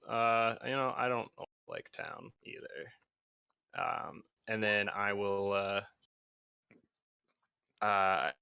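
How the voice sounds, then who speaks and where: Pria santai agak mabuk, suara terang. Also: male voice, mid-range voice, bright, forceful tone, clear, resonant tone, dry recording. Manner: laid-back, hesitant, many fillers. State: tipsy. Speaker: player. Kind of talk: casual chat in a tabletop game.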